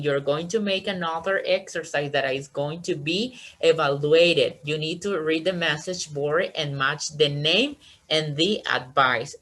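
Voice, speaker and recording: A woman's voice: low voice, a bit bright, rough recording. A woman teaching an online English class, encouraging her students and checking understanding with "okay?" after each point.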